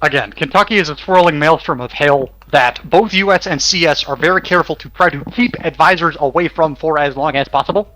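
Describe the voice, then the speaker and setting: A man's voice: on the high side, fairly quick, few pauses, bright, forceful tone. A man co-hosting a casual chat about alternate history, speaking in a laid-back, blunt way and swearing now and then. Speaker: podcast co-host.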